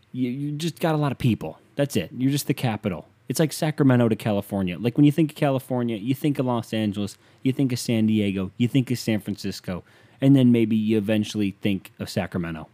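A man's voice: medium pitch, brisk, mellow. A young man from Ohio hosting a casual sports rant, profane and sarcastic.

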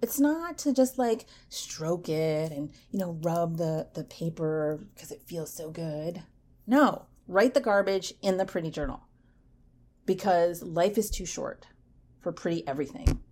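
A woman hosts a casual self-help podcast in a playful, animated way, her voice sitting a little low for a woman. She drops into hushed asides, then lifts into bright, emphatic bursts. When she reads poetry, she turns slow and soft. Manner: reads poetry slowly and softly. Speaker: podcast host.

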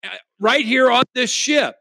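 A male pastor preaches a sermon built around a personal story, his delivery swinging from loud emphasis to hushed, quiet moments. His voice is very high and his pace measured, recorded with studio quality and no room sound.

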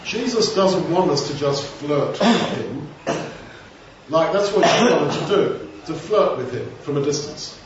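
A man's voice: a little high, animated, a little slow, noisy background. A man giving an informal Bible teaching, talking conversationally with rambling asides. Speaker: preacher. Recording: echoey room, distant mic, dull sound.

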